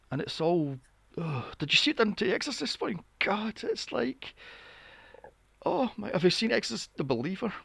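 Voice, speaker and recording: A man's voice: high voice, big pitch swings, moderate pace, vocal fry, a bit bright, husky, dry recording. A man hosting a podcast, ranting about films in a casual, exasperated and profane way. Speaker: podcast host. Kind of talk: casual film review rant.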